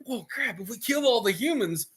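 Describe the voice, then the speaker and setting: A man's voice: very high voice, expressive, moderate pace, fairly bright tone, slightly rough, pitched above the performer's own voice, exaggerated voice. A man voicing a group of panicking, scheming demons in a frantic, raised voice. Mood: panicked.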